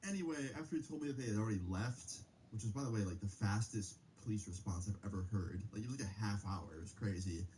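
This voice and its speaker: A man's voice: lowish voice, fast talker, hardly any pauses, dark tone, slight background noise, low-quality recording. A young man casually telling a personal story on a live stream, full of slang and filler words. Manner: casual, slangy, lots of "like" and "bro".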